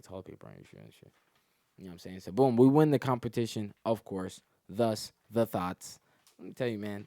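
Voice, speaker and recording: With a mellow, medium-pitched voice on a dry recording, this young man from the Atlanta area, Georgia, is a comedian guest. He tells crude, boastful stories packed with slang and laughs at his own jokes.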